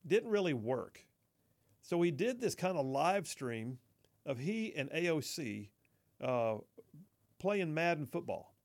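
A man's voice: fairly high pitch, sing-song, takes it slowly, long pauses. A man hosting a talk radio show, chatting wryly, reading listener texts and laughing along. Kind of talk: casual talk radio commentary.

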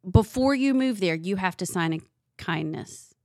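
A woman's voice: medium pitch, lively intonation, a little mellow, no echo, clean studio sound. Sarcastic woman hosting. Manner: sarcastic, laughing, quick. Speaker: talk show host. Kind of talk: news roundup chat.

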